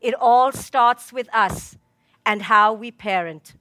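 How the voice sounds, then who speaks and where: Bright emphatic woman giving a stage talk. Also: on the high side, no echo. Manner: measured, dramatic pauses, emphatic lists. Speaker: speaker, clinical psychologist. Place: conference stage. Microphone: stage microphone.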